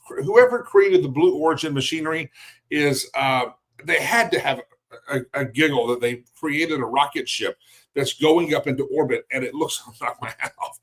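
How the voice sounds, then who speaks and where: A man's voice: fairly high pitch, rough recording. A man hosting a daily news show, giving blunt, mocking opinion commentary with chuckles between remarks.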